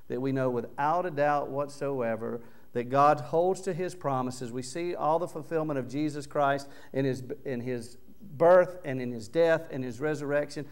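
Emphatic male preacher with a smooth voice. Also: mid-range voice. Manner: earnest, emphatic preaching with loud swells on key words. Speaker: pastor. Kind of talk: sermon. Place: church sanctuary.

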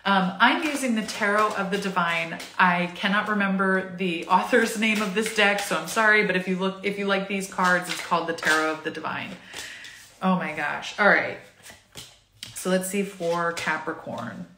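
A woman's voice: on the low side, moderate pace, reverberant, background noise. A woman in her thirties giving a casual, chatty tarot reading to camera, bubbly and laughing often. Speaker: tarot reader.

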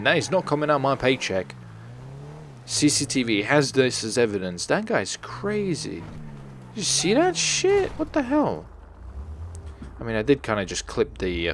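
This gaming video host has a mid-range voice, with a little hiss or hum in the recording. His comedic let's-play commentary mixes crude jokes, free swearing and talking to the game's characters.

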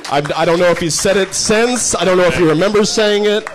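A man's voice: high-pitched, brisk, very noisy. A man telling a rambling anecdote on a podcast, laughing as he goes. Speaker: guest comedy writer. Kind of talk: casual storytelling on a podcast. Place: live podcast stage.

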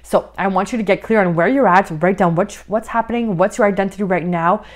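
A woman's voice: mid-range voice, fast talker. A woman life coach talking through a podcast lesson in an encouraging way, often saying "like" and a little out of breath. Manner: warm, encouraging, uses many "like" fillers. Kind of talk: podcast monologue, guided coaching.

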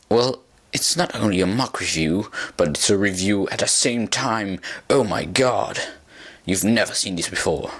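A man giving a casual review of a toy model he built, hesitant and chatty, with many fillers and restarts, and often poking fun at himself. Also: lowish voice. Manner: self-mocking, chatty.

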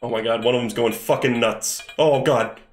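Guy streaming flash games, rambling and cursing, kinda echoey, bit of music under him. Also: medium pitch. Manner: chatty, thinks aloud, swears casually. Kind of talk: live game-stream commentary. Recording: echoey room.

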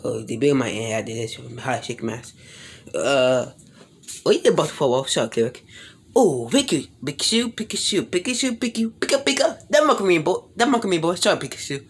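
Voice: medium pitch, expressive, fairly quick, husky. A speaker improvising a plush toy role-play in a rambling, mumbly way, full of slang and filler sounds.

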